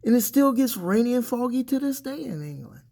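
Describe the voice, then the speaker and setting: A man telling a made-up tale to children in a playful, expressive way. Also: very high-pitched, a little fast, gravelly. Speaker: children's storyteller. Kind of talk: storytelling for children.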